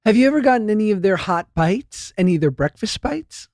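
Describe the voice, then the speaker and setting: A man's voice: sits high, very animated, a little fast, a little mellow, no room sound, studio quality. A man hosting a podcast in casual chat, playful and rambling with lots of fillers. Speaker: podcast host.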